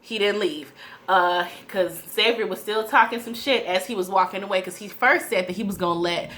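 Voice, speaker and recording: A woman's voice: medium pitch, normal speed, a bit bright. A woman chatting casually to her viewers while recapping a TV episode, with frequent fillers and asides. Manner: chatty, addresses viewers as y'all, many fillers. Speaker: TV recap vlogger.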